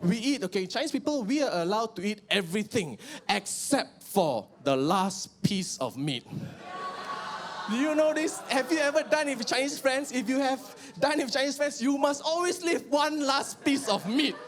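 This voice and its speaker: A young Malaysian man with a Malaysian accent performing an animated stand-up comedy set on stage, shouting out punchlines. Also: very high-pitched, normal speed, few pauses. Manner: animated, switches into mimicked relatives and bursts of shouting. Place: live comedy venue with audience.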